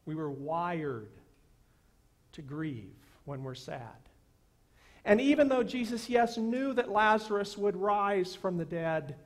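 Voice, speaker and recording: A man pastor delivering a sermon in a church, earnest and emphatic, repeating key phrases slowly. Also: high-pitched. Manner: earnest preaching with slow, emphatic repetitions. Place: church sanctuary.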